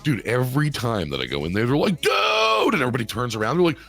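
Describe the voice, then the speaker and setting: Man, podcast co-host, casual chat, extremely lively pitch, acts out voices, swears, faint music behind. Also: rapid-fire, shouting. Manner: animated storytelling, acts out other people in swinging voices, swears a lot.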